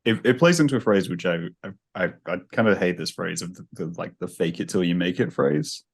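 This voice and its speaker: A man's voice: sits low, a little fast. A man with a light British accent, hosting a podcast and chatting casually, often restarting his sentences and laughing as he talks. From United Kingdom. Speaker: podcast host. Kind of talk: casual chat. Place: New York.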